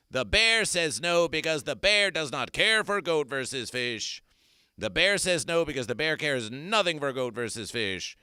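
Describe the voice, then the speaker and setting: A man's voice: mid-range voice, lively intonation, brisk, bright, forceful tone, clear, resonant tone, no room sound, studio quality. A man hosting an absurdist comedy stream, making grandiose, repetitive, mock-solemn proclamations. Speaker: comedy performer. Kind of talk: absurdist livestream chat.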